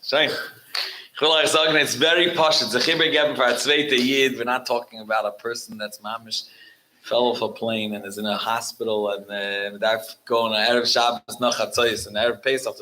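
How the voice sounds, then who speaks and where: Guest rabbi, male, lively storyteller with a bright edge, restarts a lot, Yiddish and Hebrew words mixed in. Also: mid-range voice, moderate pace, rough recording. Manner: frequent restarts and repeated words. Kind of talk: storytelling talk at a religious gathering.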